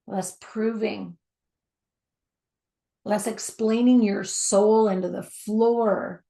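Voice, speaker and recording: A woman giving a spoken teaching on communication, emphatic and repetitive for stress, sometimes dropping to a soft near-whisper. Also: mid-range voice, fairly even intonation, very slow, pauses often.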